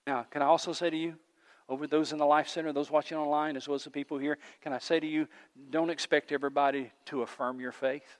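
A man's voice: a little high, fairly even intonation, fast talker. Man preaching in a reverberant church. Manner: emphatic, repetitive preaching cadence with rising builds. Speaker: pastor. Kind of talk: sermon. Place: church sanctuary, livestreamed. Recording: long hall reverb.

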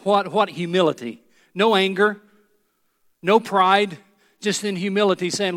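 High-voiced preacher in a reverberant hall. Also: male voice, unhurried, a bit bright. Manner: earnest, emphatic preaching with rhetorical asides to the congregation. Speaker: pastor. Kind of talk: sermon.

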